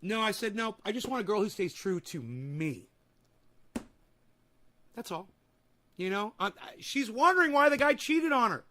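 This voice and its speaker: Young male streamer, high and very bright voice, profane and mocking. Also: lively intonation, normal speed, pauses often. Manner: profane, combative, sarcastic. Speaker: livestream host. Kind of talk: ranting livestream chat.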